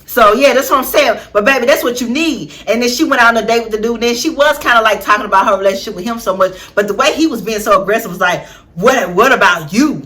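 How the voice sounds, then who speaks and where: A woman hosting a casual reality-show recap, animated and slangy, often laughing as she talks. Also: fairly high pitch, fast, hardly any pauses. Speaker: vlog host.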